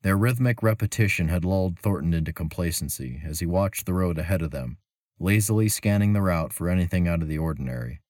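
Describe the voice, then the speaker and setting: A man narrating a fantasy story as an audiobook, measured and even. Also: low voice, dry recording, studio quality.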